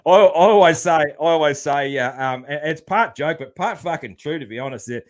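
A man's voice: fairly high pitch, fairly quick. An Australian man hosting a casual podcast chat, loose and sweary, laughing often. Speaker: podcast host.

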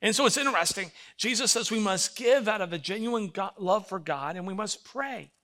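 Older male pastor, animated sermon, bright high voice. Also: normal speed. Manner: animated storytelling, acts out voices, emphatic.

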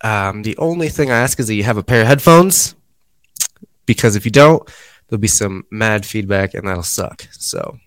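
Podcast host, male, giddy and breathless, drifts into soft mumbled asides. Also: lowish voice, normal speed, no echo. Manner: excitable, breathless, trails off quietly. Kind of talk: casual podcast chat.

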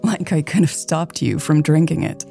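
A woman voicing a low, flustered young woman. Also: moderate pace, warm tone. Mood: fond. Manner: low, breathy, whispered. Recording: faint music behind.

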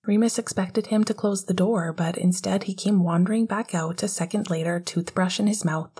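A woman narrating an audiobook in a soft, half-whispered voice. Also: medium pitch, fairly even intonation, moderate pace, husky.

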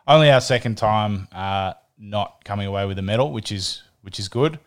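Aussie guy chatting sport on a podcast, lowish smooth voice, keeps restarting his sentences. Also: normal speed. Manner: chatty, repeats words while thinking. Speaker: podcast co-host. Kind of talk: casual sports chat.

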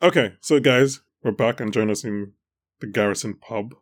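A man hosting a podcast in a pub, asking questions in a relaxed way with lots of fillers. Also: medium pitch, normal speed. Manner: casual, filler-heavy questioning. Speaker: podcast host. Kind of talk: casual podcast interview.

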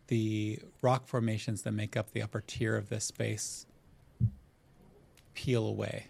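A man runs a tabletop role-playing game, describing the scene with steady, descriptive narration. His voice is low and gravelly, with a husky texture. He speaks slowly and evenly, keeping his pitch flat. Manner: descriptive, unhurried scene-setting. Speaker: game master.

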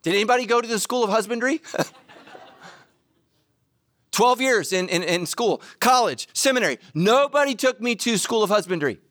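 A middle-aged male pastor preaches with a voice that swings widely up and down, sitting a little high for a man. He jokes and laughs at his own mishaps. Now and then he bursts into loud shouted asides. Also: moderate pace, pauses often. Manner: animated, joking and laughing at himself. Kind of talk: sermon.

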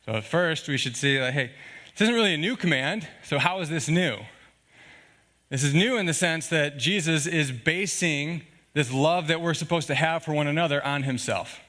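A male pastor delivering a sermon with a bright, forceful voice pitched a little above the usual for a man. He talks conversationally and earnestly, dropping frequent check-in asides to his listeners. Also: moderate pace. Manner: earnest, conversational preaching with asides like "okay?" and "all right?".

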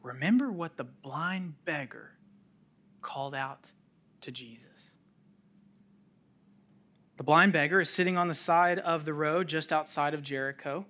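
Bright-voiced man preaching slowly. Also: fairly high pitch. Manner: storytelling, dramatic shifts from loud calls to near-whispers; chuckles while making light asides. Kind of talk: sermon.

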